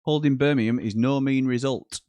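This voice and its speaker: A British man hosting a live football watchalong, reading viewer comments aloud and breaking into quick commentary on the match. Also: mid-range voice, steady tone, dark tone, no echo. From Britain. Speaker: watchalong host.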